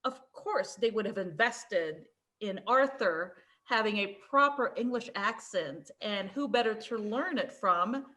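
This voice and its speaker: A woman's voice: medium pitch, animated, a little slow, pushed and bright. A woman co-hosting a podcast who laughs often and adds film trivia. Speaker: podcast co-host. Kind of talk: casual film chat.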